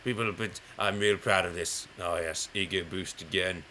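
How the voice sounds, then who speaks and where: A man chatting his way through a brain-training game in a bright, sharp voice. He rambles, mocks himself and counts numbers aloud as he goes, with a faint hiss under the recording. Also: low voice, fairly even intonation, moderate pace. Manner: rambling, self-mocking and playful, counting aloud while playing. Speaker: gaming channel host. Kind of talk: casual gameplay commentary.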